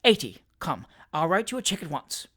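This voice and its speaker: A reader voicing a bustling, ingratiating little male attorney, coaxing in a soothing, wheedling tone, with a lively, swooping pitch. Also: fairly quick. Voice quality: soothing, wheedling, keeps repeating "my dear sir". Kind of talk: audiobook character reading.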